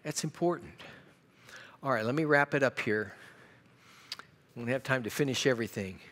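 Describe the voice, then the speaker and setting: Middle aged guy teaching a church class, gets animated, asks the room stuff. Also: medium pitch, normal speed. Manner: animated, asks the class questions, acts out quotes.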